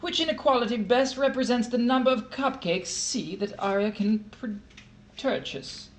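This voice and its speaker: A man's voice: very high voice, normal speed, slight background noise. A man co-hosting a casual test prep livestream, playful and fond of pedantic asides.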